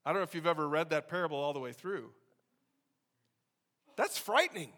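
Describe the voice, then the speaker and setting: A man preaching a sermon to his congregation, conversational and energetic, with sudden loud bursts. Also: a little high, fairly quick. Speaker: pastor.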